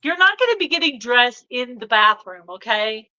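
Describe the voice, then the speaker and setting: A woman's voice: a little high, big pitch swings, normal speed, bright, forceful tone. A woman hosting a live stream, chatting casually and rambling with fillers. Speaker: livestream host. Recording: dull lo-fi livestream audio.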